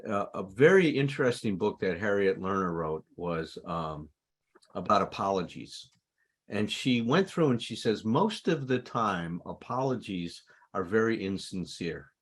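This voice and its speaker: A man's voice: sits low, animated, unhurried, husky. A man co-presenting a recovery talk, explaining amends in an earnest, conversational teaching manner. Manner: earnest, acts out insincere apologies animatedly.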